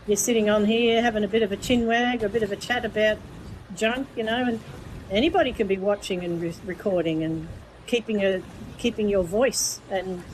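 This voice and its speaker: A woman, a guest in casual chat, jokey and quick with asides. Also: mid-range voice, slight background noise, poor audio.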